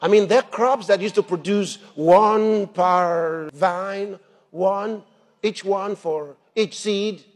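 A man preaching a sermon, animated, laughing between points and rising to shouts at the peaks. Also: high-pitched, takes it slowly. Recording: long hall reverb.

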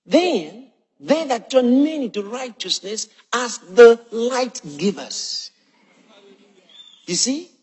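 High-voiced husky preacher in an echoing hall. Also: male voice, expressive, a little mellow. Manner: slow, emphatic scripture preaching with long pauses. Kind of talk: sermon. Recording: long reverb of a large hall.

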